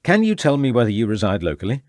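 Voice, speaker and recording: A man's voice: medium pitch, wildly swooping pitch, quick pace, a little mellow, no echo, studio quality. A man voicing a formal, insistent police inspector in a crime audiobook. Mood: probing. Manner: formal, precise, insistent questioning. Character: sharp, probing male police inspector.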